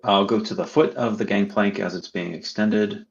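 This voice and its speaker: A man playing in a casual tabletop game, speaking haltingly with many fillers, heard through a dull lo-fi mic. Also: fairly low pitch, fairly even intonation, gravelly, a little hiss or hum. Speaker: player.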